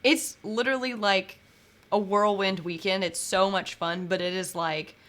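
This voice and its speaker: A woman with a bright, sharp voice co-hosts a relaxed live stream. She talks in an easygoing, chatty way. Her thoughts sometimes drift off unfinished. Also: medium pitch, a little slow. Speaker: co-host of a bourbon show. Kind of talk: casual live-stream chat.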